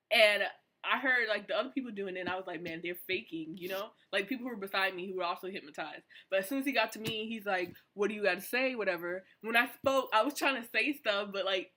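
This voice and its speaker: A young woman, a college student, excitedly telling a casual storytime vlog in slangy, animated speech. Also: mid-range voice, brisk. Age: young adult. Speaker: vlogger.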